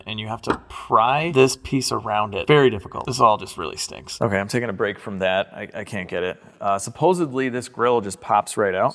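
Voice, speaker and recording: A young man filming a casual vlog in his garage workshop, chatting excitedly and joking while he works on a car with his tools. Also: medium pitch. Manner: chatty, excitable, jokey asides while working. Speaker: car restoration YouTuber.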